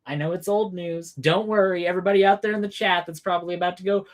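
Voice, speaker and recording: A man with a high voice hosts a political livestream, talking quickly with hardly any pauses. He rants sarcastically in animated bursts, swearing heavily and putting on mock outrage in his profane political commentary.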